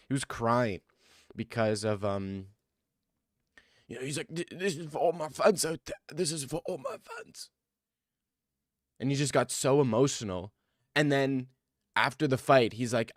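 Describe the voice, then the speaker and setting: A man giving casual MMA commentary, thinking out loud and rambling, then breaking into excited rants. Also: medium pitch, dry recording, studio quality. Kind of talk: casual fight-card commentary.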